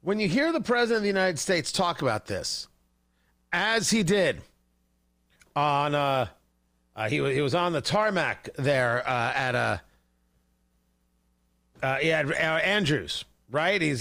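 A man's voice: on the high side, lively intonation, unhurried, creaky, fairly bright tone. A male host giving heated, sarcastic political commentary on a livestream, ranting and mocking.

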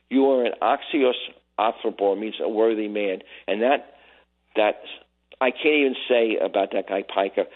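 An older retired man from Brooklyn, calling in to a radio show, talking in an emotional, halting way and repeating himself. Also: lowish voice. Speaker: caller. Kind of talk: call-in radio chat. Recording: tinny phone line.

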